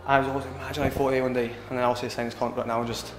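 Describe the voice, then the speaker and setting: In a roomy-sounding post-fight interview, a young man from Britain who fights MMA chats loosely about his win, repeatedly asking "do you know what I mean". He speaks rapid-fire at a medium pitch with flat delivery.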